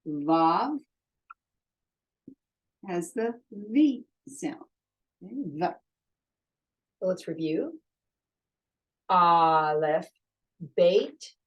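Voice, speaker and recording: A woman's voice: sits low, mellow, rough recording. A woman teaching a lesson, patiently walking through how to write each letter stroke by stroke. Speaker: Hebrew teacher. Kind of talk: step-by-step lesson on writing letters.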